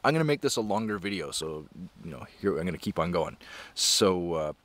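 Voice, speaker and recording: A man's voice: low-pitched, very animated, fairly quick, a bit bright. A man talking casually to camera about a book, rambling and enthusiastic with many fillers. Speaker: comics creator discussing a book. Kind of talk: casual vlog talk. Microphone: camera mic.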